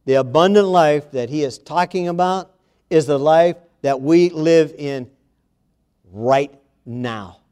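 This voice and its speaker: A man's voice: on the high side, slow, pauses often, darkish tone, smooth. A man preaching a sermon to a congregation, reading scripture aloud and speaking to his listeners directly with emphasis.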